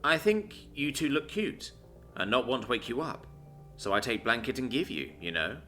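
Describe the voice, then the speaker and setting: A man voicing a gentle, hulking man who speaks in broken grammar. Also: medium pitch, big pitch swings, normal speed, faint music behind, pitched above the performer's own voice. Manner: broken grammar, plain and kind.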